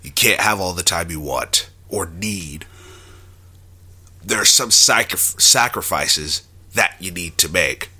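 A man talking casually about a movie, joking and acting out quick quotes. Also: low voice, husky. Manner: animated, jokey, acts out quotes. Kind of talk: casual movie review chat.

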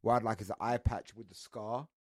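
A man's voice: lowish voice, fairly even intonation, brisk, darkish tone, dry recording, studio quality. A man hosting a comedy podcast, slangy and sweary, acting out people in his stories. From London. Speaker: podcast host. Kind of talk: casual comedic chat.

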